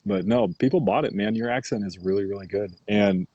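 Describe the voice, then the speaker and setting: A man's voice: lowish voice, brisk, warm tone, breathy edge, no room sound, highs cut off. A young man hosting a casual podcast chat, laid-back, with lots of "like" and "man". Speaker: podcast host.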